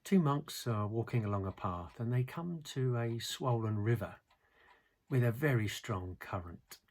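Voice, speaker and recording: A man teaching a mindfulness lesson in a calm, gentle, measured way. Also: mid-range voice.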